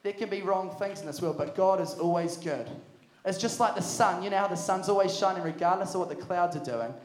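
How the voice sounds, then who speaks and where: A young man preaching to a youth camp, energetic and jokey. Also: sits high, a little fast. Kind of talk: sermon. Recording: echoey hall.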